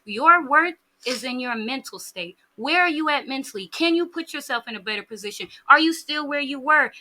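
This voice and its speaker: A woman's voice: high voice, animated, moderate pace, bright, forceful tone. A woman giving blunt opinions in a podcast discussion. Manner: frank, blunt, argumentative.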